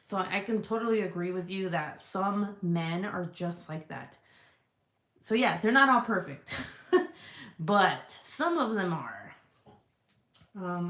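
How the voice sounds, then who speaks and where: A woman vlogger chatting casually and answering viewer comments, frank and profane and quick to laugh. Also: lowish voice, lively intonation, fairly bright tone. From United States. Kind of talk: casual chat. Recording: echoey room.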